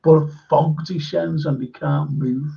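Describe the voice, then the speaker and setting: Gravelly man rambling through a chat. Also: a little high, fairly even intonation, slow, lo-fi sound. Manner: rambling, enthusiastic storytelling with many fillers. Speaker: host. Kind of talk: casual chat on a live stream.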